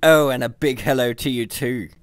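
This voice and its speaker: A prim, sarcastic spaceship computer with a fussy streak, as a man reads it aloud, pitched well above the reader's own low voice. It nags in a raised, sing-song tone, and the close, dry sound has no room echo. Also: normal speed, clean tone, natural voice. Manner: fussy, sarcastic, primly scolding.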